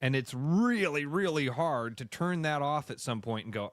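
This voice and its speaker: A male sports radio co-host in casual chat, animated, acting out fans' reactions in quick voices. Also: on the high side, no echo, studio quality.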